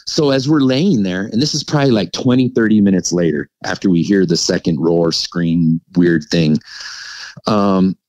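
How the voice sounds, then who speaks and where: Low-voiced middle-aged man telling a story. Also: moderate pace, no echo, dull audio. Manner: animated, filler-heavy with frequent likes and laughs. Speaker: podcast guest, witness. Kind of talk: casual storytelling.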